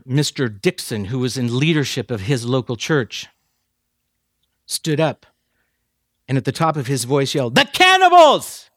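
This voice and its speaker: A man preaching a sermon to seminary students, emphatic and building to near shouts. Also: medium pitch, dry recording, studio quality. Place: chapel addressing seminary students.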